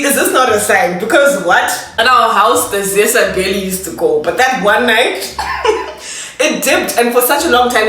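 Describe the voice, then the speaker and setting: A woman's voice: fairly high pitch, fairly bright tone. Young woman, casual storytime vlogger, laughs a lot; distant mic, echoey room. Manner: chatty, laughing, talks while eating.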